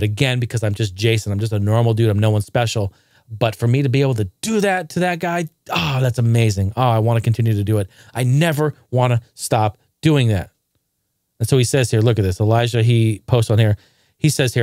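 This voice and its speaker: A man's voice: medium pitch, a little mellow, no room sound, studio quality. A man hosting his own podcast, talking casually and earnestly, rambling with fillers and restarts. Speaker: podcast host. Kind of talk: casual solo podcast monologue.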